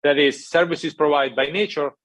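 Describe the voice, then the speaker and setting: Man giving a measured policy talk. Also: a little high, steady tone, fairly bright tone, no room sound. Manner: measured, emphatic, frequent "right?" check-ins. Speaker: conference speaker from an international financial institution. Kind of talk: prepared conference talk.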